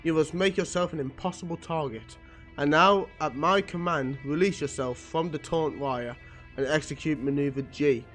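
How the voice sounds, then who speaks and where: Stern old professor barking drills, read plainly by a man, slightly higher voice. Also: normal speed, a bit bright, faint music behind, close to an everyday voice. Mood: commanding. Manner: commanding, drilling.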